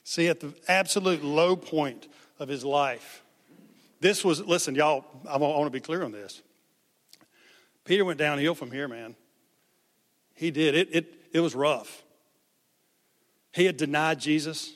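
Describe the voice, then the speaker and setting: A man's voice: a little high, unhurried, long pauses, long reverb tail. A man giving a sermon as pastor, talking conversationally and acting out the people in the story. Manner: conversational, animated, acts out quotes.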